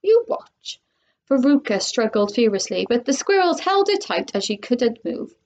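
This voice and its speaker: A woman's voice: a little high, very animated, moderate pace, darkish tone. A woman, a primary school teacher, reading a children's storybook aloud expressively. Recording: dull lo-fi recording.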